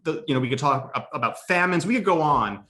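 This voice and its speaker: Upbeat man moderating, bright tone. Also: fairly high pitch, lively intonation, fast. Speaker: host, institute director. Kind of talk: moderating a live online conversation.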